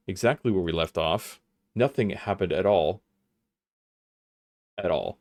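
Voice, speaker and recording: Low-voiced man chatting over gameplay. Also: measured pace, a little mellow. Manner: rambling, self-joking and chatty. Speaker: game streamer. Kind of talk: casual gameplay commentary.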